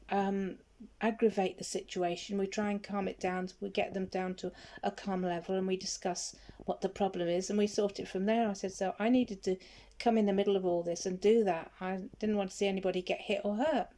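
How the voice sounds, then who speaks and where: A middle-aged woman, chatting casually to camera while out on a walk and telling a story with frequent ums and soft laughs. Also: mid-range voice, fairly even intonation, a little fast. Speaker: vlogger and security guard. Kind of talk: casual walking vlog chat. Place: outdoors on a walk.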